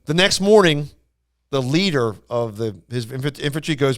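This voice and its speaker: A man's voice: on the high side, normal speed, smooth. A man hosting a podcast, telling a long story in casual chat and acting out the quoted voices. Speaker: podcast host.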